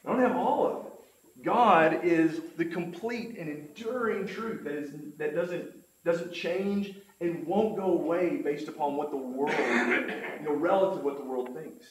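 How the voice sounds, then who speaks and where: A man's voice: fairly high pitch, a little slow. Man teaching in an echoey room. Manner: earnest, emphatic, quotes scripture and authors. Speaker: Bible class teacher. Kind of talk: church lesson talk. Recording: echoey room with faint noise.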